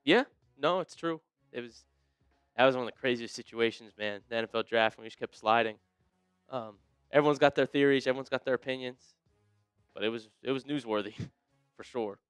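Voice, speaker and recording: A man hosting a live sports talk stream, chatting excitedly with viewers and a co-host. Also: a little fast, clear, resonant tone, no room sound, clean studio sound, soft background music. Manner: excitable, jumps up in pitch when fired up. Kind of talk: livestream sports chat.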